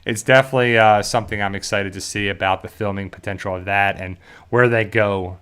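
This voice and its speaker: A man's voice: lowish voice, fairly even intonation, fairly quick, a bit bright, clean tone. A man from South Jersey in the US hosts a casual fan discussion, rambling with many fillers and restarts and talking straight to his viewers. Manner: addresses viewers directly. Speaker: YouTube show host.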